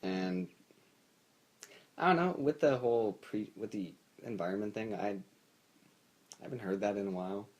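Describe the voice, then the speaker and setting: A man's voice: on the low side, moderate pace, pauses often, darkish tone. A young adult man co-hosting a podcast in casual chat, laid-back and hesitant, searching for his words. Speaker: podcast co-host.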